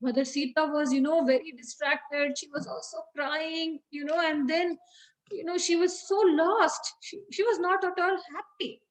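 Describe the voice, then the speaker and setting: A woman's voice: high voice, fairly even intonation, normal speed, rough recording. A woman, teaching children by retelling a story in a chatty way, with many fillers and questions to the class.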